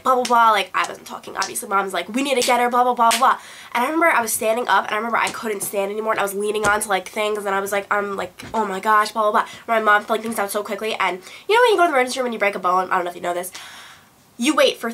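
A young woman vlogger telling a personal story to camera in a casual, animated way, acting out quotes and filling with "blah, blah". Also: mid-range voice, slight background noise. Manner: animated retelling, acts out quotes, fillers like "blah blah". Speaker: beauty vlogger.

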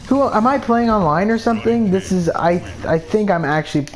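A man's voice: high-pitched, brisk, few pauses, a little hiss or hum. A man giving gameplay commentary, ranting in frustration and swearing under his breath. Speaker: gamer.

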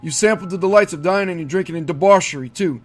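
A man voicing a sly, grinning devil who works as a train conductor, speaking in a smooth, mocking, unhurried way. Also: high voice, faint music behind.

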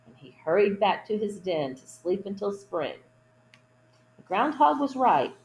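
Woman storytime reader, picture-book read-aloud, gentle asides to children. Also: medium pitch, sing-song, unhurried, echoey room, slight background noise, poor audio. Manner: gentle asides to young listeners.

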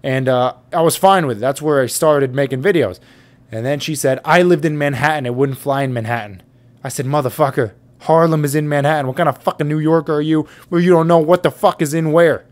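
A young man vlogging to a boom-armed mic with a pop filter, telling a story in a profane, exasperated rant. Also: brisk. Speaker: YouTuber. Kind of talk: ranting storytime vlog. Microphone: studio mic on an arm with pop filter.

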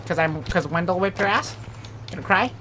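A let's play gamer with a high-pitched voice and moderate pace gives casual, goofy, rowdy commentary, trash-talking and bragging as he plays. The recording is noisy, with game sound behind him.

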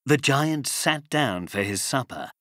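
Slow, sing-song storybook narrator, male. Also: medium pitch. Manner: expressive, sing-song reading. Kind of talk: scripted children's storybook narration.

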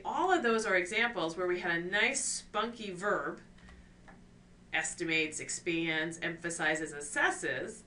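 Woman course lecturer with a bright, forward tone, teaching clearly with rhetorical questions, recorded from a little way off. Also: medium pitch. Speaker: course instructor. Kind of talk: recorded lecture on scientific writing. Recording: distant mic with faint ambient noise.

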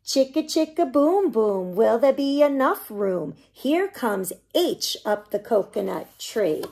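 A woman, a children's librarian, reading a picture book aloud to preschoolers with animated, singsong storytelling. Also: a little high, slow, creaky. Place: library program recorded for online viewing.

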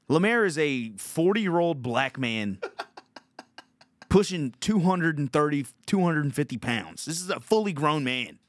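A man's voice: a little high, expressive, measured pace, no echo. A man hosting a podcast, telling a story in a casual, profane, laughing way. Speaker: podcast host.

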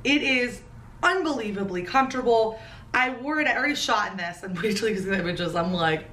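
A woman's voice: medium pitch, animated, brisk, pushed and bright, a little hiss or hum. A woman vlogger chatting casually through a try-on haul, gushing and playful with jokey asides. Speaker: fashion vlogger. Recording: roomy echo, a bit far from the mic.

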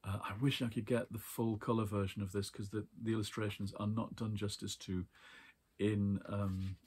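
A man casually chatting about books from his shelves, rambling warmly with fillers and small laughs. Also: lowish voice, little pitch movement, moderate pace, breathy edge. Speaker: book vlogger. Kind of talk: casual book chat and reading aloud.

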